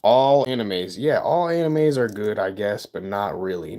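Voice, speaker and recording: Slow-talking streamer guy, rambling. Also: on the low side, lively intonation, mellow. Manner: rambling, stammers, sarcastic asides. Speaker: livestreamer. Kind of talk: casual livestream chat with viewers.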